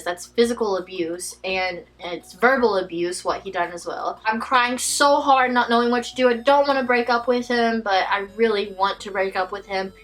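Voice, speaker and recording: A woman vlogger telling a personal story in an animated, dramatic way. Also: on the high side. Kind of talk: storytime vlog.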